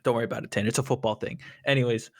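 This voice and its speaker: A man co-hosting a podcast in casual chat, animated and joking, swearing casually. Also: medium pitch, very fast, creaky. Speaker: podcast co-host.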